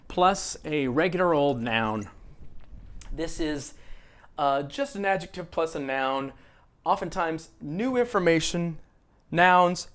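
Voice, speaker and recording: An American man teaching an English speaking lesson, asking questions and having students repeat phrases after him. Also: on the high side. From United States. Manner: explains slowly, asks questions, has students repeat phrases. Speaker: ESL teacher.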